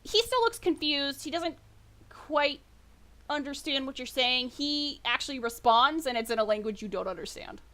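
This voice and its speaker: Woman, game master, high voice, rambling, self-correcting. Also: lively intonation, moderate pace, a bit bright. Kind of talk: narrating a tabletop game.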